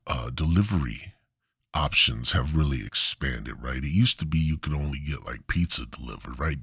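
Low, husky-voiced man ranting crudely. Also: dry recording, clean studio sound. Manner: profane, rambling, mock-indignant. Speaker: podcast host. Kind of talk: crude comedic rant.

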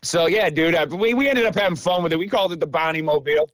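A man's voice: a little high, fast, a bit bright, dry recording. A man in his thirties hosting a podcast, telling a profane story and acting out the people in it. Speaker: podcast host. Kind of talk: casual storytelling chat.

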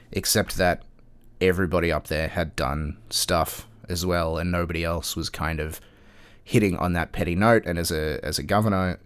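Low-voiced male commentator, smooth tone, sarcastic and profane. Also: no echo. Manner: wry, sarcastic and profane, lots of fillers. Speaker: political commentator. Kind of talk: casual political commentary.

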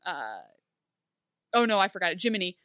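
An animated woman retells a TV episode in casual chat, acting out the characters' lines with plenty of feeling. Her voice is bright and forceful. The sound is dry and close, with no room around it. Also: fairly low pitch, a little fast, clear, resonant tone, dry recording. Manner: emotional, gushing. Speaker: podcast co-host.

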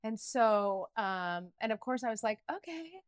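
Animated middle-aged woman opening up. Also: medium pitch, a little slow, smooth, no room sound. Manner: animated and emotional, with frequent restarts and laughter. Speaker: guest. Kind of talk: candid personal interview talk.

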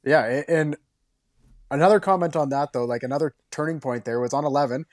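A man's voice: fairly high pitch, dry recording, clean studio sound. A man co-hosting a sports podcast, giving enthusiastic analysis in casual chat. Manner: enthusiastic, fast-flowing analysis. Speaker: podcast co-host.

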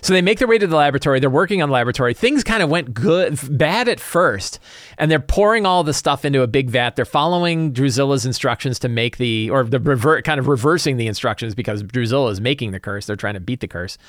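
Male game master, mid-pitched, casual rambling recap with plenty of "like", dry studio sound. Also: lively intonation, quick pace, no room sound. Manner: rambling, full of "like" and "right?"; chuckles while telling.

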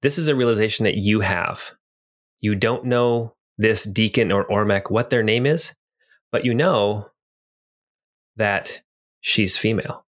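A man's voice: fairly low pitch, a little slow, pauses often, fairly bright tone. Man running a tabletop game. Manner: descriptive, hesitant with fillers. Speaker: game master.

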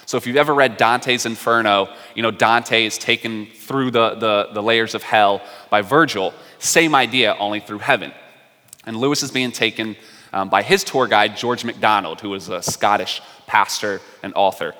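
A man's voice: on the low side, normal speed, sharp tone, big-room sound. A man preaching a sermon as pastor, conversational and explanatory, with casual asides.

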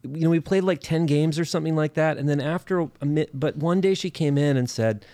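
Halting, laughing man from Minnesota. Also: on the high side, dark tone, no room sound. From northern Minnesota. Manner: halting, many fillers and restarts, laughs often. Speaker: podcast guest. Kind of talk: casual storytelling chat.

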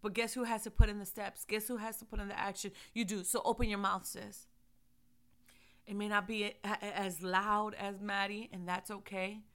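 A woman preaching a sermon, swinging from soft, intimate speech to loud, shouted praise, with emphatic repetition. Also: medium pitch, little pitch movement, normal speed.

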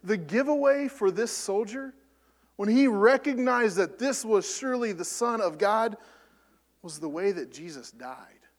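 A man preaching a sermon, rising to loud emphatic peaks and falling back soft. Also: high-pitched, expressive, unhurried, long reverb tail. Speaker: pastor.

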